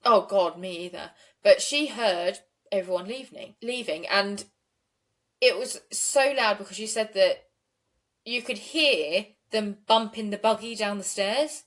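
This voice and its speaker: A woman's voice: mid-range voice, unhurried, a bit bright. A woman co-hosting a true crime podcast, retelling a case in a conversational way with fillers. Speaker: podcast co-host.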